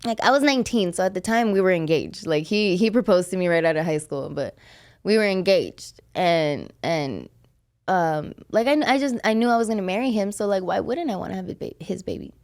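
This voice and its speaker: A woman's voice: on the low side, lively intonation, brisk, darkish tone. A young adult woman hosting a podcast, telling a personal story in a blunt, profane, emotional confessional way. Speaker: podcast host. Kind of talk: casual podcast chat.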